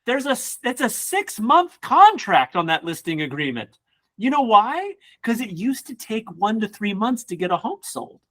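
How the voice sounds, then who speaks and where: A man who works as a real estate coach, giving an energetic motivational class with casual joking asides. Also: high-pitched, normal speed. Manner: energetic, acts out quoted people in voices.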